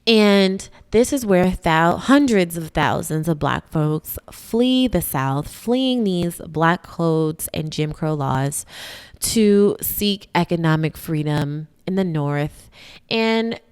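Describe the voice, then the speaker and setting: Smooth-voiced woman explaining history. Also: fairly low pitch. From United States. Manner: conversational, emphatic, checks in with "right?". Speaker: podcast host.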